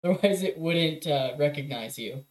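A young man co-hosting a casual podcast, relaxed, chuckling and restarting his sentences. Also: a little high, moderate pace. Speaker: podcast co-host. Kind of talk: casual chat. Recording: roomy echo.

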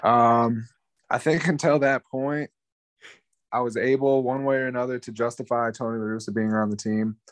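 A man's voice: medium pitch, fairly even intonation, normal speed, dry recording. A young man co-hosting a casual sports podcast, rambling in a frustrated tone and swearing now and then. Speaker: podcast co-host.

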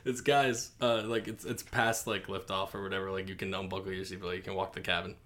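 A man's voice: deep voice, level tone, brisk, bright, forceful tone. A man co-hosting a podcast, telling a long shaggy-dog joke in a rambling way, full of likes and rights. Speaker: podcast co-host. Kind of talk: casual joke-telling chat.

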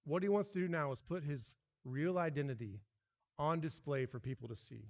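A man preaching a sermon as pastor, animated and emphatic, with frequent restarts. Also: on the high side, moderate pace, gravelly, big-room sound.

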